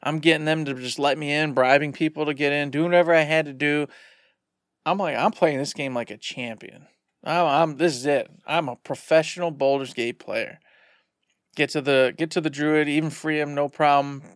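A man co-hosting a podcast, retelling a game session in a rambling, animated way. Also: a little high, moderate pace, no echo, clean studio sound. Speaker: podcast co-host. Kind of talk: casual storytelling.

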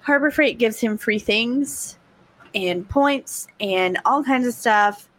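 A woman co-hosts a loose, chatty conversation. Her voice sits a bit on the high side, and she talks with a teasing edge. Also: takes it slowly, fairly bright tone. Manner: chatty, teasing, laughs often. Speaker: podcast co-host. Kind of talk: casual chat.

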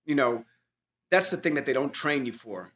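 A man's voice: medium pitch, expressive, moderate pace, fairly bright tone. A man telling casual anecdotes about auditions, loose and profane, acting out quoted lines. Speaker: actor, podcast guest. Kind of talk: casual storytelling chat.

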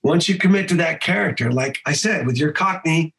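A man who works as a voice actor and improv teacher, talking in a casual podcast interview in an animated way, swearing freely and slipping into quick voices. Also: a little high, creaky, low-quality recording.

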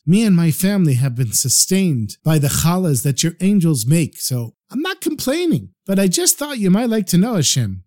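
Brief: a man playing a blunt, folksy caretaker, grumbling but grateful, raised pitch. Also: darkish tone. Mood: confiding. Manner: chatty, complaining, folksy. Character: poor, chatty, blunt male synagogue caretaker.

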